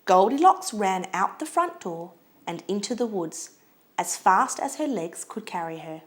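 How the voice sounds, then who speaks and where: A woman reading a children's storybook aloud in an expressive, lilting way. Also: mid-range voice, measured pace.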